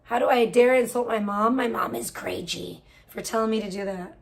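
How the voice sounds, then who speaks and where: A woman with a high-pitched voice hosts a casual livestream. She cusses freely in everyday chat and drifts into sing-song baby talk with her cat, keeping the whole thing loose and offhand. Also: normal speed. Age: adult, older than most of her chat. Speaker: livestream host.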